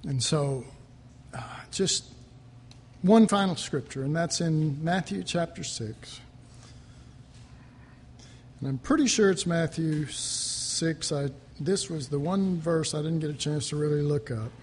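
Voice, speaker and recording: A man preaching an informal sermon, chatting and joking between readings and rising to animated emphasis. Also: on the high side, takes it slowly, pauses often, long reverb tail, slight background noise.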